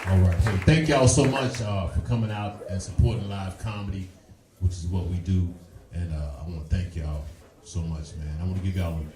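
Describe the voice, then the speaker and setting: Laid-back comic with a lower voice. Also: male voice, moderate pace, far from the mic, crowd noise. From Nashville, Tennessee. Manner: laid-back, drawling, says "man" and "y'all" often. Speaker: headlining stand-up comedian. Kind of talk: stand-up comedy set. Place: comedy club stage. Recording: echoey club with music behind.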